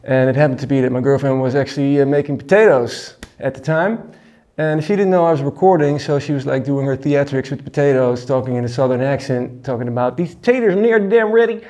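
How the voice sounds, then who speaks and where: A man, a musician, telling stories casually in a relaxed, laid-back way, with lots of fillers. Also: medium pitch, a little fast. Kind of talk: casual storytelling monologue.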